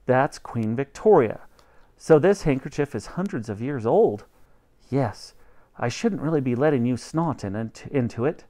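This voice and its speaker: A man reading a children's novel aloud chapter by chapter for students, expressive and animated. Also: medium pitch, moderate pace. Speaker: audiobook reader for students.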